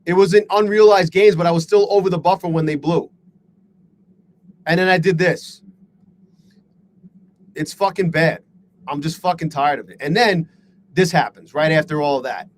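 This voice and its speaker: A man with a fairly high voice day trades on a live stream, speaking directly to his chat at a moderate pace with frequent pauses. Frustrated and self-deprecating, he swears freely. The audio is poor, with faint background noise beneath him.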